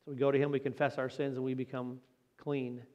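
A man preaching a Sunday sermon in an earnest, plain-spoken way, slowing down for emphasis. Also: mid-range voice, flat delivery, dark tone, lo-fi sound. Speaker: pastor. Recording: long hall reverb.

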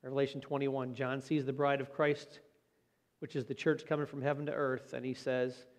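A man preaching a Sunday sermon in an earnest, plain-spoken way, slowing down for emphasis. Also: mid-range voice, flat delivery. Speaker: pastor. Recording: long hall reverb.

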